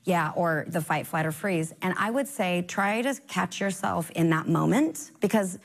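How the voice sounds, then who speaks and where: A woman with a slightly low voice tells her faith story in an easy conversational way. She is earnest and encouraging, and her voice leaps high whenever she acts out what someone said. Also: measured pace, creaky. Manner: animated, acts out quoted dialogue with sudden high pitch jumps. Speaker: guest. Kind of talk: casual faith testimony.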